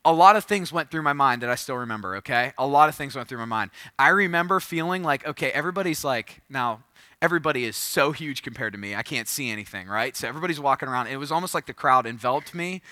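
A man's voice: fairly high pitch, dry recording. A man in his thirties, a pastor telling a funny, self-deprecating story in a sermon. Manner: humorous, self-deprecating, bursts into loud acted quotes.

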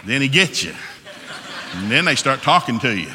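A man in his sixties with a Southern US accent, preaching a joking, folksy sermon quickly in a large church hall. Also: mid-range voice, sing-song, background noise. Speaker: pastor. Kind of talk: humorous sermon.

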